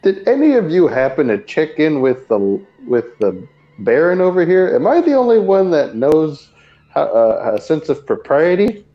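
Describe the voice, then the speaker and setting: A man's voice: on the high side, sing-song, normal speed, highs cut off. A man player in a tabletop game, speaking in a dry, mock-formal way.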